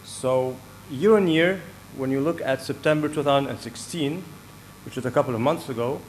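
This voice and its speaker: A man from Egypt presents his startup at a conference, speaking in a measured way with many small hesitations. Faint room ambience sits in the background. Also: medium pitch, a little hiss or hum, rough recording. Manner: measured, with frequent fillers. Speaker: startup co-founder. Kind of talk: conference talk. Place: conference hall.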